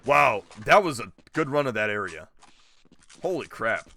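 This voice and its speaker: A man's voice: medium pitch, big pitch swings, a little slow, vocal fry, bright, forceful tone, slight background noise. A man streaming a video game, rambling and joking with his chat as he plays. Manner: rambling, jokey, talks to chat. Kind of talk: casual gameplay commentary.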